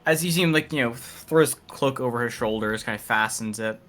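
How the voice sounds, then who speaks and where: A man's voice: mid-range voice, fairly quick, a bit bright. A man running a tabletop role-playing game as game master, narrating scenes in a loose, casual way with plenty of fillers.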